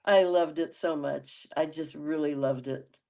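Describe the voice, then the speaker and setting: A woman's voice: low voice, fairly even intonation, unhurried, gravelly, dark tone. An older woman from Detroit, a singer being interviewed, chatting casually and gushing, repeating herself with frequent giggles. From Detroit, United States. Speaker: guest singer.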